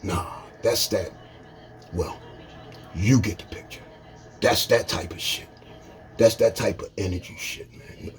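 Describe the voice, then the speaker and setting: A man delivering a blunt, profane rant to camera, shifting between loud emphasis and low, muttered remarks. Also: unhurried, long pauses, faint music behind.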